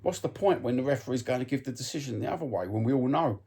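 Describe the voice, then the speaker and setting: Talking fast and expressively, this East London Cockney football vlogger rants to his phone camera, swearing bluntly and filling the monologue with ums. His mid-range voice is warm and husky, with vocal fry.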